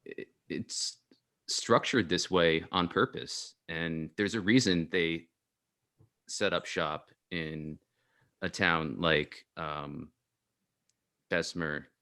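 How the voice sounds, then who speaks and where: A man with a very low voice hosts a casual podcast chat. He talks haltingly and restarts often while he searches for words. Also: steady tone, pushed and bright. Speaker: podcast host.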